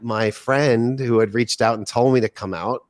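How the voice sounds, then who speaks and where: A man in his forties, a podcast guest, telling a long story with excitement, swearing casually and acting out what people said. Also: medium pitch, normal speed, dry recording, studio quality. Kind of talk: animated storytelling in casual chat.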